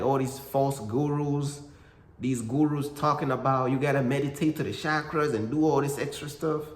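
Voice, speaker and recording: A man giving a casual faith talk, full of slang, calling the listener "bro" again and again. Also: medium pitch. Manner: slangy, repeats "bro" and "you know what I'm saying". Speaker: Christian content creator. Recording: echoey room with long reverb.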